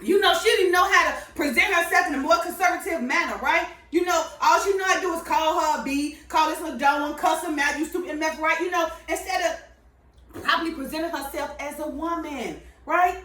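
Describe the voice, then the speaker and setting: Woman, very high voice, casual preachy monologue with constant "right?" tags; roomy, distant recording. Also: fairly quick, sharp tone. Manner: emphatic and preachy, tags nearly every point with "right?". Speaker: Bible-based life advice speaker. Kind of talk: casual sermon-style monologue. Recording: roomy sound, far from the mic.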